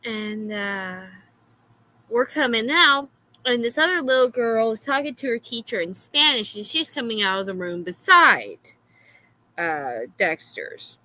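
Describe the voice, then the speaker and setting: A woman with a Florida accent telling a story in a casual, exasperated way, filling pauses with "uh". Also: on the high side, low-quality recording. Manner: animated, exasperated, many "uh" fillers.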